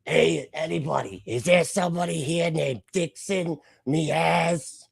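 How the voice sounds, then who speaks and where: A man's voice: fairly high pitch, unhurried, creaky, slightly rough, dry recording, pitched above the performer's own voice, full character voice. A man doing a bratty prank-calling boy. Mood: mischievous. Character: bratty boy making a crude prank call.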